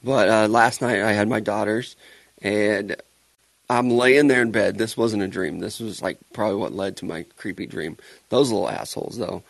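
A man's voice: fairly low pitch, steady tone, moderate pace, creaky, dry recording. A man in his thirties co-hosting a casual podcast, telling stories with jokes and swearing freely. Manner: joking, storytelling, swears freely. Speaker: podcast co-host.

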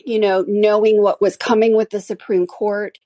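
A woman's voice: mid-range voice, flat delivery, moderate pace, dark tone, no echo. Emotional woman hosting a solo podcast. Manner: candid, emotional, frequent restarts. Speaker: podcast host.

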